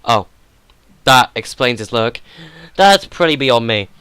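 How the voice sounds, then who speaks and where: A man's voice: mid-range voice, expressive, takes it slowly, a bit bright, clean tone, no room sound. A man hosting a let's play, reading game dialogue aloud and joking and chatting about it, often laughing.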